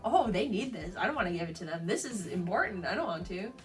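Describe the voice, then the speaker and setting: A woman's voice: medium pitch, animated, quick pace, distant mic, soft background music, natural voice. A woman voicing a naughty, stubborn pet dog in a cheeky, sing-song way.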